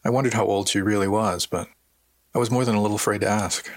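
A man calmly narrating a first-person novel as an audiobook reader, with a husky voice. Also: fairly low pitch, no echo. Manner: calm, measured storytelling.

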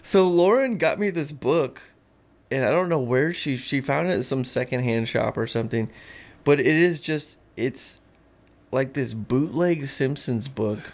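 A man's voice: mid-range voice, measured pace. A man chatting casually as a podcast co-host, laid-back and quipping. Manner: laid-back, quips and mimics movie lines. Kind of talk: casual chat.

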